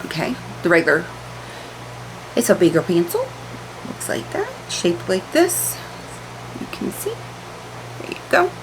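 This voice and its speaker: A woman's voice: fairly low pitch, wildly swooping pitch, unhurried, pauses often, background noise. A woman chatting casually as she unboxes beauty products, candid and repeating words for emphasis, in a room lit by a ring light. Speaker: beauty vlogger.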